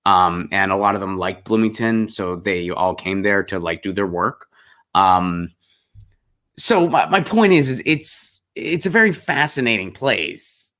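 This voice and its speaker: Rambling, sarcastic man with a bright edge. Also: fairly low pitch, animated, measured pace. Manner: rambling, sarcastic, many fillers and restarts. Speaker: host. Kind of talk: casual monologue.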